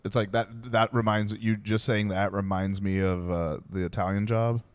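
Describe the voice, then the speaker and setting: Low-voiced male podcast host, joking. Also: fairly even intonation, moderate pace, clean tone, dry recording. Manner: loose, joking, stumbling restarts. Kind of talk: casual podcast chat.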